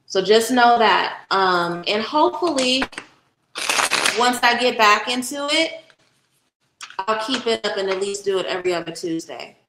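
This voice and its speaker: A woman's voice: medium pitch, a bit bright, reverberant, a little hiss or hum, poor audio. A woman hosting a casual livestream, chatting directly with viewers and giving a tarot reading, swearing freely. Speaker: spiritual reader and livestream host.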